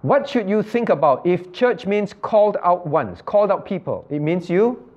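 A man's voice: high-pitched, expressive, normal speed. A male pastor teaching a Bible study. He repeats key phrases and quizzes his listeners by name. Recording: muffled lo-fi recording.

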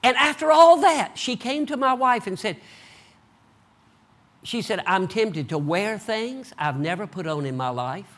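An older man preaching a sermon, swinging from loud bursts to low asides. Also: animated, a little slow.

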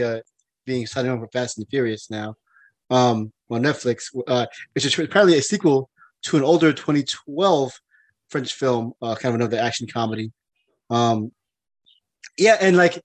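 A man co-hosting a casual movie podcast, excitable and rambling, with many fillers, restarts and laughs. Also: on the high side, no room sound. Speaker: podcast co-host.

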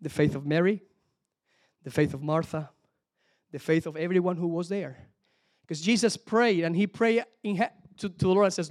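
A man preaching a sermon, telling the story with lively asides that swing from hushed to loud and emphatic. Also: high-pitched, normal speed. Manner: lively, talks to the congregation directly with frequent asides.

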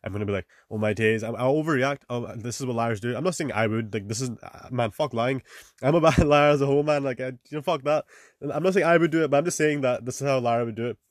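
A young man talks quickly in a loose, casual way, throwing in fillers, swears and "man" all the time. His voice sits at a medium pitch and sounds dry and close, with no room around it. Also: dry recording. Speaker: podcast host. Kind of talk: casual advice monologue.

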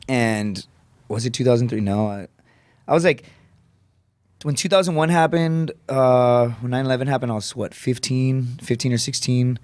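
A man's voice: medium pitch, a little mellow, smooth, dry recording. A man on a podcast, telling a personal story in casual talk, swearing freely and acting out the people he quotes. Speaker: podcast guest, comedian and Marine veteran.

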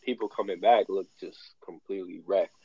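A man's voice: low voice, steady tone, a little fast, dark tone, husky, no echo. A man chatting casually as a podcast co-host, laid-back and wry, often trailing off with ums. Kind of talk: casual chat. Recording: dull lo-fi sound.

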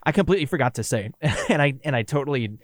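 A man's voice: mid-range voice, animated, quick pace, slight background noise. A man from Kansas with a Kansas accent, co-hosting a radio recap in casual, rambling chat with easy laughs. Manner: chatty, laughs easily, rambling restarts. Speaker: radio co-host and producer.

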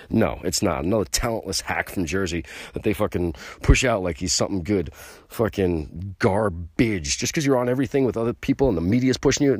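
A man hosting a podcast, delivering a brash, boastful and profane rant that gets louder and higher when he is worked up. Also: dry recording, clean studio sound. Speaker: podcast host. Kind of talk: ranting podcast monologue.

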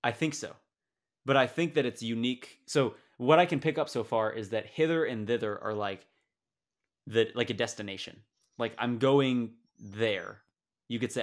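A young man co-hosts a podcast in a loose, playful way. He laughs often between his thoughts. His voice sits at an ordinary middle pitch. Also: moderate pace. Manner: playful, laughs often, animated when retelling. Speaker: podcast co-host. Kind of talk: casual chat.

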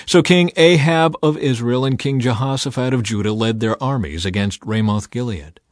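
A man giving an expressive Bible reading, with the quoted lines acted out. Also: mid-range voice, moderate pace, no echo, clean studio sound. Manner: expressive, acts out the quoted speech. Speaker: scripture reader.

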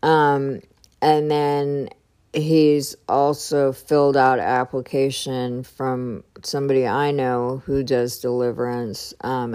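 Low, slow-spoken woman searching for words. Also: warm tone. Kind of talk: casual personal storytelling.

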